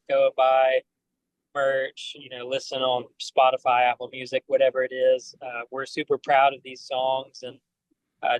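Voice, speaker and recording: A man, a band member guest on a podcast, telling animated stories full of fillers. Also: mid-range voice, dry recording, poor audio. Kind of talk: casual storytelling.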